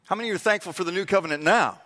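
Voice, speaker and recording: A man delivers a sermon in a high, bright voice. He draws out key phrases slowly and acts out short quoted exchanges. The sound rings with the long reverb of a large church hall. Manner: emphatic, drawn-out dramatic delivery with acted-out quotes. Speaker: preacher.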